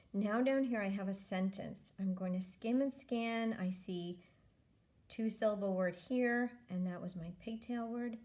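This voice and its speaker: A woman teaching a phonics lesson, talking slowly and patiently as she models each step aloud. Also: medium pitch, mellow.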